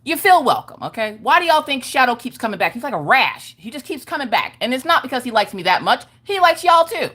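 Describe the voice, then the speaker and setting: A woman's voice: brisk, hardly any pauses, breathy edge. A middle-aged woman hosting a craft livestream, chatting casually and reading out viewer comments. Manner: animated, swinging between squeals and low mutters.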